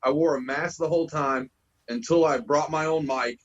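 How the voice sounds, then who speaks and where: Brief: husky-voiced male band vocalist, loose and profane podcast chat. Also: fairly high pitch, fairly even intonation, normal speed, highs cut off. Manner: loose, profane, says bro a lot.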